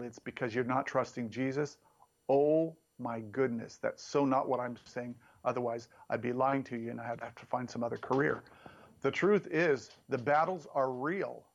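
A man preaching a sermon in an emphatic, animated way, his voice jumping up for emphasis. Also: dull audio. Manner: emphatic, animated preaching with sudden rises in pitch.

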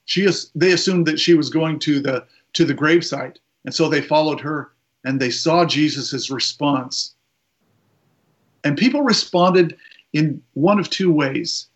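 Guy preaching, kinda high voice, slows down to make a point, muffled-ish audio. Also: animated. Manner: retells a story with quoted voices, slows for emphasis. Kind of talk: sermon storytelling.

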